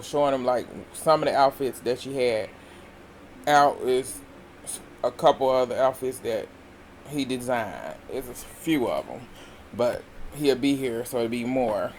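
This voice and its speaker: A man's voice: medium pitch, unhurried, a little hiss or hum. A man casually recapping a reality TV episode, retelling the scenes with lots of laughter and acting out what the cast said. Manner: animated retelling, voicing the cast's lines, laughing often.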